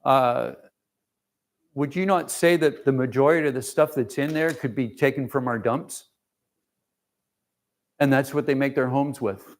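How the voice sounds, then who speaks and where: A man's voice: medium pitch, measured pace, pauses often. A man giving an informal, emotional mission report to a church congregation, rambling with fillers and restarts. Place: church sanctuary.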